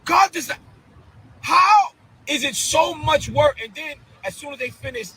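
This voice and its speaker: A bishop ranting on a live stream in a fiery, confrontational preaching cadence, full of incredulous repeated outbursts. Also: male voice, extremely high pitch, expressive, measured pace, pushed and bright, low-quality recording. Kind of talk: heated live-stream rant.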